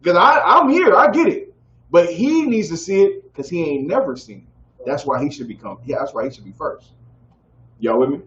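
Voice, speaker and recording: A man's voice: animated, normal speed, a bit bright. Preaching man asking "y'all with me?". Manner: call-and-response, keeps asking "y'all with me?". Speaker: teacher leading a scripture class. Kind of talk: street-preaching style Bible lesson. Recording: roomy, dull low-fi audio with faint background noise.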